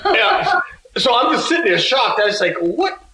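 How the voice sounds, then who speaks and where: A man's voice: extremely high pitch, big pitch swings, brisk, pushed and bright, echoey room, slight background noise, poor audio. A man guesting on an interview, telling stories in a casual way and acting out the other people's lines. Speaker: musician guest.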